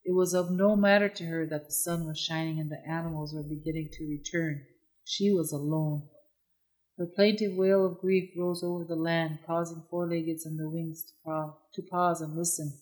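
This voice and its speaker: A storyteller telling an old legend in a measured, solemn way, each line set down with care. The voice sits in a middle pitch, steady and plain. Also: rough recording. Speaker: narrator. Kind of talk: storybook narration.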